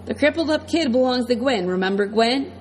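A woman's voice: on the high side, animated, darkish tone, slight background noise, natural voice. A woman reading a jittery bearded accomplice. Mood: nervous. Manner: fast, nervous and pleading.

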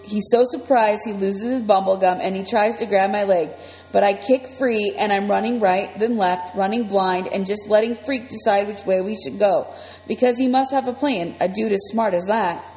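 A woman reading a first-person children's story aloud in a lively, breathless way. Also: mid-range voice, normal speed. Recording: long reverb, faint music.

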